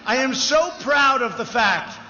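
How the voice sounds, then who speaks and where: Before a large cheering crowd outside, a political speaker delivers a rambling, self-congratulatory campaign speech that circles back on itself. His very high-pitched voice is animated, bright and forceful, a bit slow, carried by an echoey, dull PA amid crowd noise.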